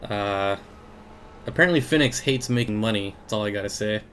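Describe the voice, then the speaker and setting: A man's voice: fairly low pitch, fairly quick, fairly bright tone, a little hiss or hum. A young man hosting a casual aquarium livestream, greeting viewers by name and reading their comments with frequent chuckles. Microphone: desk mic.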